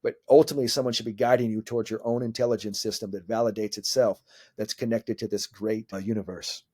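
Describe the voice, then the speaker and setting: In a casual interview, a mental skills coach in his forties gets animated and swears freely while acting out what people said. He talks fast in a fairly low voice with a breathy edge.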